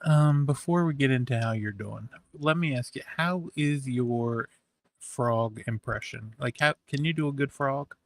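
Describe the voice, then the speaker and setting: A man co-hosting a podcast in a mid-pitched voice, talking very slowly with dry, deadpan sarcasm. His voice is recorded close and dry, with no room sound. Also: no echo. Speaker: podcast co-host. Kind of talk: casual podcast chat.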